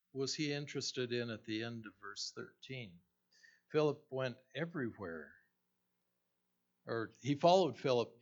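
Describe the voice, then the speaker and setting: A male pastor delivering a sermon and telling a story slowly, with fillers and restarts. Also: medium pitch. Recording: dull lo-fi recording.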